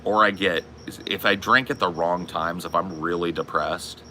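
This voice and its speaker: A man's voice: low-pitched, moderate pace, pushed and bright, a little hiss or hum. A man in his forties chatting casually on a live stream, rambling and swearing in a bro-ish way. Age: 40s. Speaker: streamer and podcast host.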